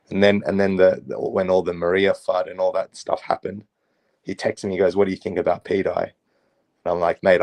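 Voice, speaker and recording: Hoarse, gravelly man. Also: low-pitched, a little mellow. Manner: laid-back storyteller, quotes friends. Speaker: guest speaker. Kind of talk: casual chat.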